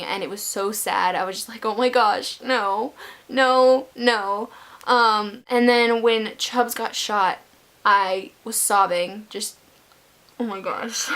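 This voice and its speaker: Gushing young woman reviewing a book. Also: on the high side. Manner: gushing, scatterbrained, emotional. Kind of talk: casual book review vlog.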